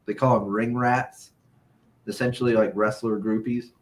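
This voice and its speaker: A man's voice: lowish voice, little pitch movement, normal speed. A man co-hosting a casual podcast, telling rambling stories full of fillers and chuckles. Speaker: podcast co-host. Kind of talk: casual chat.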